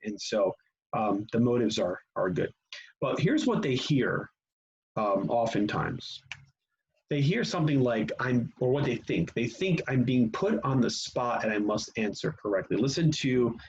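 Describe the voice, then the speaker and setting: A man teaching a church class on grief in a conversational manner, often pausing with fillers and restarting his sentences. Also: mid-range voice, expressive, a little hiss or hum. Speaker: pastor. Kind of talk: teaching session. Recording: dull lo-fi sound.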